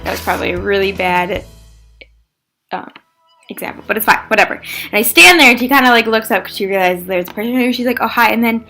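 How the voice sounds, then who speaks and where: A young woman vlogging casually, chatty and animated, often saying "like" and acting out what people said. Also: medium pitch, fast, vocal fry, faint music behind. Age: young adult. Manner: chatty, animated, says "like" often, acts out quotes. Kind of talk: casual vlog storytelling.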